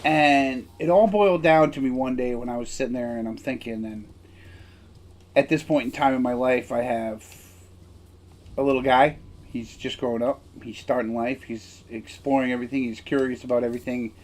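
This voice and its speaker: A man's voice: medium pitch, normal speed, a little mellow. A man streaming who tells a personal story in a candid, rambling way. He is emphatic and blunt, and keeps checking in with "right?". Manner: candid and blunt, occasional swearing. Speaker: game streamer.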